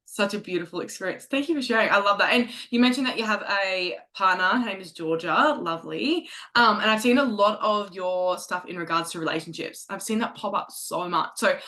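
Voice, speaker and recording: A woman host with a bright, forward voice, gushing with affirmation in a relaxed podcast interview. She cheers her guest on and moves the talk along with easy questions. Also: mid-range voice, fairly quick, hardly any pauses. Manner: effusive, warmly affirming.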